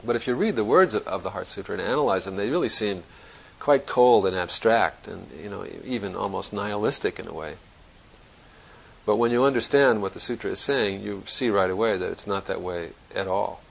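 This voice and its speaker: Male Zen teacher with a low, gravelly voice, giving a searching dharma talk in a reflective way. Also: brisk, low-quality recording. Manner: reflective, searching, conversational with restarts.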